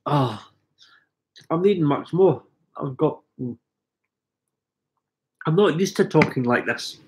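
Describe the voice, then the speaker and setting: Hoarse chatty Scottish man, fairly high voice. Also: animated, slow. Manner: chatty, self-mocking, reading out viewer comments. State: hoarse with a cold, coughing. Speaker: live streamer. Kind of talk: rambling live stream chat. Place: living room at home.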